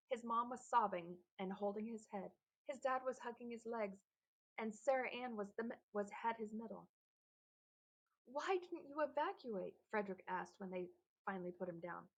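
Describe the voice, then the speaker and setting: A woman reads a children's novel aloud with gentle, even storybook narration. Her voice is gravelly with some fry and a husky edge, sitting at a middle pitch. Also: rough recording. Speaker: audiobook reader.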